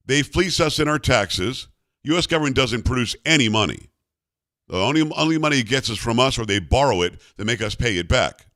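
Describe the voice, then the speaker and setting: A man's voice: medium pitch, lively intonation, fairly quick, fairly bright tone, no echo, studio quality. Blunt, combative talk radio host man. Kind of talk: political talk radio monologue.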